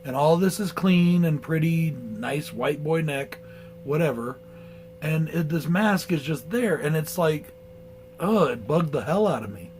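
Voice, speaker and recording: A man's voice: a little high, animated, a little slow, a little mellow, slight background noise, low-quality recording. A man giving a blunt, profane movie review in a casual rant.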